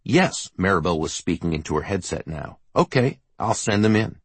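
A male narrator voicing a friendly young female receptionist in an audiobook, raising his voice to a bright, chirpy tone. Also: low-pitched, sing-song, normal speed, husky, no echo, exaggerated voice. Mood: brisk.

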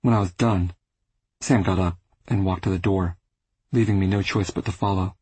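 A man reading a first-person literary audiobook, measured and restrained. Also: low voice, steady tone, darkish tone, breathy edge, rough recording. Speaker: audiobook narrator.

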